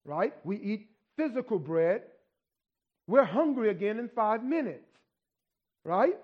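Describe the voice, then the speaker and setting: High-voiced man preaching slowly, muffled recording. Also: big pitch swings. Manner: conversational teaching, often asks "right?". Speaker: pastor. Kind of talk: sermon.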